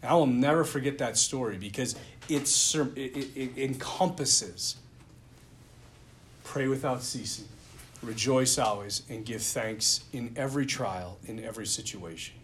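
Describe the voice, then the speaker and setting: A man giving a Lenten talk, an animated storyteller with casual, filler-heavy speech. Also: mid-range voice, unhurried, a little hiss or hum. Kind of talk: storytelling talk ending in prayer.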